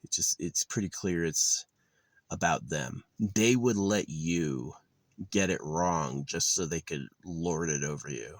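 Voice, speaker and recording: A man's voice: rumbling low, takes it slowly, dry recording. A man in an outdoor vlog delivering an angry, profane, sarcastic rant full of contempt. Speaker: vlogger. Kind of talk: angry ranting monologue.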